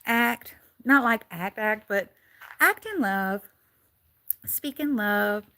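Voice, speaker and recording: A woman's voice: mid-range voice, lively intonation, slow pace, pushed and bright, dry recording, clean studio sound. A woman from Louisiana with a Southern accent, chatting on a casual live stream, rambling and laughing often. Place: in and around a car.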